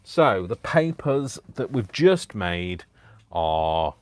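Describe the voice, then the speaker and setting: Lively-pitched man chatting while crafting. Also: extremely slow. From United Kingdom. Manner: chatty, self-mocking, laughs often. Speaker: crafting channel host. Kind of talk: casual live craft stream.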